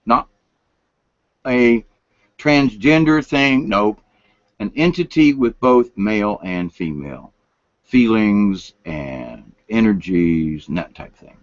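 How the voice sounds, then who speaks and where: Older man, folksy late-night rambler, pitch rises and falls a lot, dry close sound. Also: animated, takes it slowly, no echo. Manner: folksy, meandering, drops to whispers. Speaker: vlogger. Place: home room, lights turned down. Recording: dull lo-fi sound.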